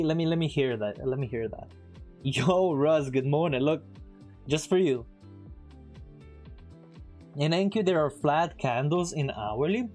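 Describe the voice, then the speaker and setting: A man giving casual live-stream commentary as he trades, chatting with viewers and throwing in quick asides. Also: mid-range voice, a little mellow.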